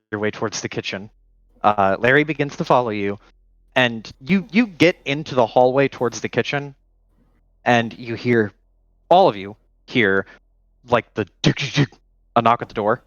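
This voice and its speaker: A man's voice: mid-range voice, normal speed, long pauses, fairly bright tone, dry recording, dull audio. A man narrating as game master in a loose, filler-heavy way.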